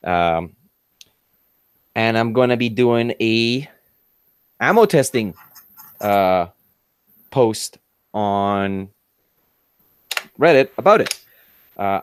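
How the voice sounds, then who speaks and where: A man's voice: fairly low pitch, clean tone, no room sound, studio quality. A man on a talk show casually describing his rifle, with a rambling manner and frequent fillers. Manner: relaxed, rambling, many fillers.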